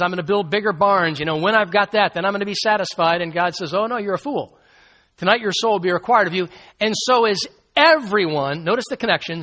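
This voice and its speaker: High, bright-voiced preacher. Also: male voice. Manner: emphatic, repeats key phrases, slows down when quoting scripture. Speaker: pastor. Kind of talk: sermon.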